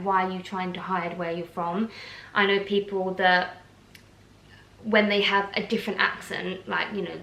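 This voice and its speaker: A woman's voice: lowish voice, a bit bright, echoey room, low-quality recording. A young woman from Essex with an Essex accent, ranting casually to camera in heated bursts. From England, Essex. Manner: heated, talks in bursts with restarts. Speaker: vlogger.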